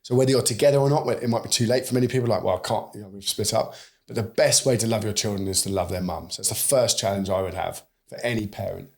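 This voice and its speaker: A man's voice: lowish voice, steady tone, fast talker, few pauses, darkish tone. A British man in his forties, a podcast guest who talks animatedly and acts out bits of quoted dialogue. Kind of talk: conversational podcast interview.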